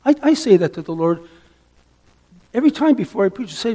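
High-voiced man preaching a sermon. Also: lively intonation, fairly quick. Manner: emphatic, dropping to a hush for stress; asks the listeners rhetorical questions.

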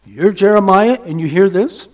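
A man preaching a sermon, emphatic, asking rhetorical questions and dropping to a hush for stress. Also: high-pitched, normal speed. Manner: asks the listeners rhetorical questions.

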